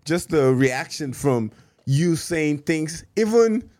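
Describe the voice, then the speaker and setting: A Nigerian man with a slightly raised voice who thinks out loud as he talks. He often stops and restarts his sentences in a relaxed conversation with friends. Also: on the high side. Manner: thoughtful, halting, restarts often. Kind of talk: casual chat.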